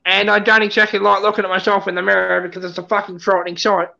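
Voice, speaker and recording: A livestream guest telling rambling jokes in a deadpan, casual way. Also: mid-range voice, quick pace, vocal fry. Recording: lo-fi stream audio.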